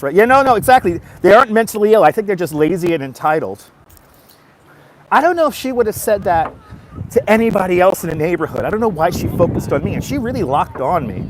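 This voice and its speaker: A man's voice: high-pitched, sing-song, a little fast, pauses often, a little hiss or hum. Man walking and chatting to viewers. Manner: chatty storytelling, greets viewers by name. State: tired after a nap. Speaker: vlogger. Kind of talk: casual livestream chat. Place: outdoors on a boardwalk.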